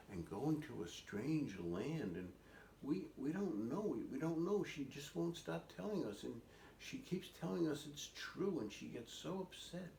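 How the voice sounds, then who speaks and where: A man's voice: medium pitch, darkish tone, far from the mic, a little hiss or hum. A man voicing doubting older children who scold their little sister, in a roomy recording. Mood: worried. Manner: chiding, dismissive.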